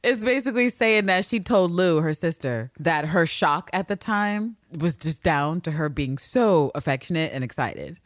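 Podcast co-host, woman; low voice with lots of swing, dry close sound, animated and laughing. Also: moderate pace, few pauses, no echo. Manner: animated, laughs often, acts out people being paraphrased. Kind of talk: casual chat, reading diary excerpts aloud.

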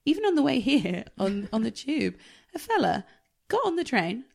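A woman's voice: sits high, big pitch swings, normal speed, creaky, slightly rough. A woman hosting a podcast, chatting casually and laughing as she tells opinionated stories. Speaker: podcast host. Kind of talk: casual chat.

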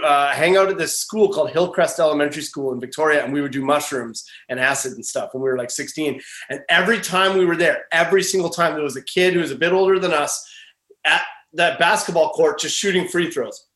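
A man's voice: on the high side, brisk, a bit bright, roomy sound. A man hosting a podcast, telling a rambling story in casual chat and swearing freely. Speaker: podcast host.

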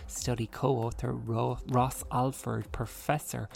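Gravelly-voiced man co-hosting a chat show. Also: mid-range voice, level tone, slow, darkish tone. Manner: reads aloud with asides and laughter. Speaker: podcast co-host. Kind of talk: casual chat and joking news reading.

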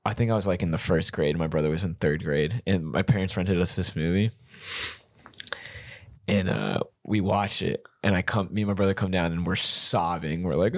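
Young guy cohosting a podcast, lowish voice, swears a lot, goes up high when he gets hyped. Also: normal speed, no echo, studio quality. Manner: swearing storyteller who jumps into high voices when excited. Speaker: podcast co-host. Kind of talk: casual chat.

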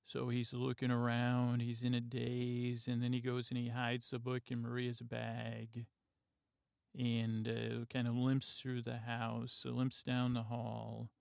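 Low-key guy recapping a tv show, slow and gravelly, lots of uhs, flat delivery. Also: dry recording, clean studio sound. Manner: halting, lots of "uh" and "like", quiet and meandering. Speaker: podcast host. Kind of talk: rambling sleepy retelling of a TV episode.

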